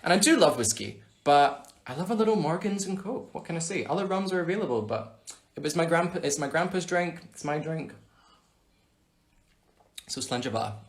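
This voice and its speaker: A man's voice: a little high, lively intonation, normal speed. A Scottish man hosting a casual live Q&A on his phone, chatting playfully and reading out viewer questions. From Scotland. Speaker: livestream host answering fan questions.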